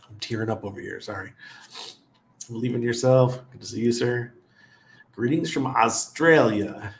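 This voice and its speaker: A man's voice: mid-range voice, moderate pace, creaky, reverberant. Chatty laughing man hosting a livestream. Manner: chatty, laughs often, greets viewers by name. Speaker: livestream host. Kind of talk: casual livestream chat.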